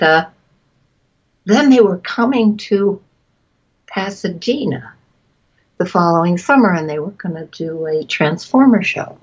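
A woman, a voice actress, telling stories in a casual interview, chatty and quick to laugh, often trailing off mid-sentence. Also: fairly low pitch, lo-fi sound. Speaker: voice actress guest.

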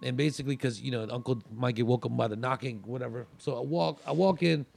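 A man's voice: mid-range voice, fast, creaky, darkish tone. A man telling a long story in casual chat, rambling with fillers and restarts.

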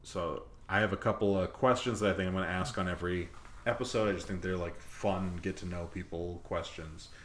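A man with a low, deep voice hosts a laid-back podcast conversation. He rambles along, full of fillers and false starts. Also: steady tone, brisk, a little hiss or hum. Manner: rambling, many fillers and restarts. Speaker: podcast host. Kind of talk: casual chat.

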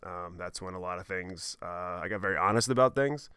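Man, podcast host, rambling storyteller, self-deprecating, casual swearing, lowish voice, crisp and dry. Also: a little fast, bright, forceful tone, dry recording.

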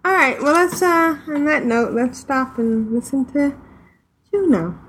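Brief: female podcast co-host, bright higher register, rambling casual talk. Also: lively intonation, measured pace, noisy background. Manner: chatty, rambling with restarts. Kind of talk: casual chat.

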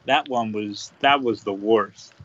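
A man co-hosting a casual podcast, talking slowly and hesitantly with many fillers. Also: lowish voice, fairly bright tone. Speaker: podcast co-host. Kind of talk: casual review chat. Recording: dull lo-fi sound.

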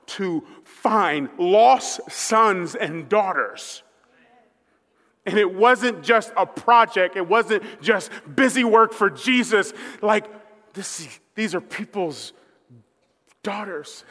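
Male pastor preaching, casual storyteller who acts out quotes, bright forceful tone, long hall reverb. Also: sits high. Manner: conversational storyteller acting out quoted voices. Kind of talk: sermon storytelling.

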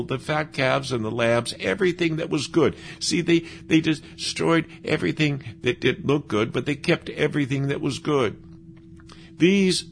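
A man delivers a sermon with a gravelly, fry-edged voice, lively and animated as he acts out the people he quotes. His pitch sits in the middle, and a faint hiss of noise runs under the recording. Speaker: preacher.

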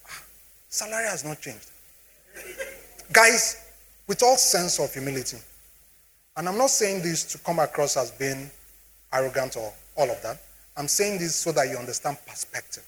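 Animated Nigerian man addressing an audience. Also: fairly high pitch, moderate pace, long pauses. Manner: animated, asks the audience questions often. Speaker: speaker on personal finance. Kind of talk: motivational talk to an audience.

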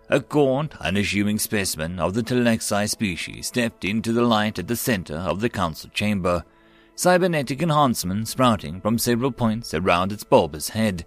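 A man reading science fiction stories aloud as host of a story channel, deliberate and even. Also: fairly low pitch, soft background music. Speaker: story narrator. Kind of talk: scripted narration.

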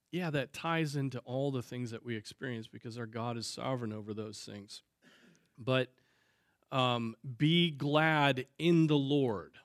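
A man leading a Bible discussion, thinking aloud at a measured pace with frequent fillers. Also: mid-range voice, no room sound, clean studio sound. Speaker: Bible teacher. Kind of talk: teaching discussion on Scripture.

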